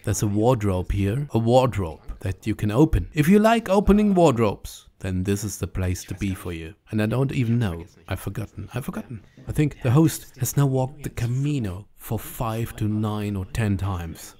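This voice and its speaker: A man's voice: on the low side, moderate pace, few pauses, dark tone. A man with a German accent, talking casually to camera about a long walk, chatty and blunt, often laughing. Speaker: vlogger walking a pilgrimage trail. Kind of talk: casual spoken travel diary.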